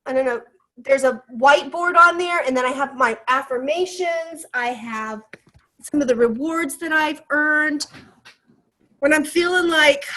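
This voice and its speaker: A woman with a high, bright voice leads a motivational training session over a video call. She talks with lively energy, encourages her listeners and keeps firing questions at them. She sounds upbeat and sure of herself. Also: unhurried. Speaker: team leader coaching a sales team.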